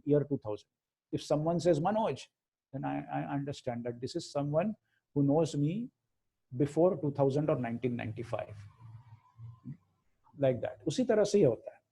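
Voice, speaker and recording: A middle-aged man with an Indian accent leads a casual religious class and moves between Hindi and English as he tells anecdotes. His voice sits high for a man and sounds husky and gravelly. The tone is mellow, not bright. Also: rough recording. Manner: storytelling, mixing Hindi and English, acting out quotes. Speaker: spiritual teacher.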